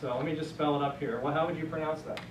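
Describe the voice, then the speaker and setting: A man's voice: on the high side, steady tone, quick pace. Jokey male teacher in an echoey classroom. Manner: jokey, encouraging, thinks aloud. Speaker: Greek teacher. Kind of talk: classroom lecture. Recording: echoey room from a distant mic with noise.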